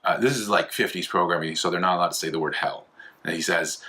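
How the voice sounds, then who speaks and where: A young man hosting an apologetics channel, talking casually in a rambling way with many fillers and restarts, and animated when he retells a story. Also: low-pitched, quick pace. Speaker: host of an apologetics video channel. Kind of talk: casual explainer monologue.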